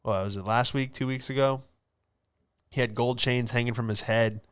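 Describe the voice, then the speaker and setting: A man's voice: medium pitch, fairly even intonation, normal speed, smooth. A young man hosting a casual podcast, rambling through stories with loose slang. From Florida. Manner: laid-back, rambling storytelling with slang. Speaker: podcast host. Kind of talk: casual solo podcast chat.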